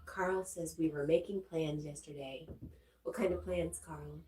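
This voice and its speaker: A woman hosting a casual livestream, greeting viewers and reading their chat comments aloud in a relaxed, chatty way. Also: deep voice, a little slow, rough recording.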